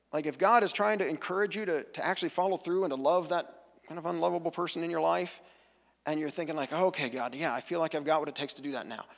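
Gravelly-voiced man preaching in a reverberant hall. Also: on the high side. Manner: conversational, earnest, with frequent restarts. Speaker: pastor. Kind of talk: sermon. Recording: long church hall reverb.

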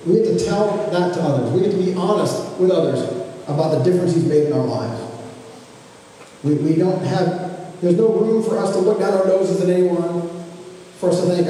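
Soft-toned pastor in an echoey hall. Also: male voice, high voice, expressive, normal speed. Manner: conversational, gentle, with frequent restarts. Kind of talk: sermon. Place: church sanctuary. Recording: echoey hall, from far off, faint noise.

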